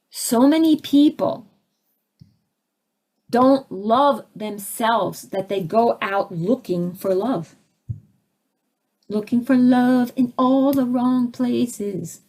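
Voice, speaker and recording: Brief: middle-aged woman, slightly high voice, lively spiritual teacher, asks the room questions. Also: very slow, long pauses. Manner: animated, acts out quoted voices, rhetorical questions.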